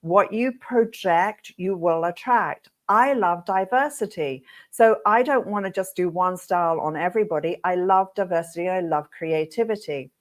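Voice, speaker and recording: A middle-aged woman teaching hairdressers in a webinar, telling stories with lively, acted-out reactions. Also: on the low side, moderate pace, few pauses. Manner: lively, animated storyteller who acts out her own reactions. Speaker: hairdressing educator hosting a webinar. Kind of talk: webinar talk with storytelling.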